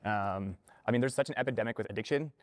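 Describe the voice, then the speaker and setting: A man's voice: lowish voice, no room sound. A man speaking candidly and at length in a group discussion. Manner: candid, rapid, rambling. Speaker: panel participant.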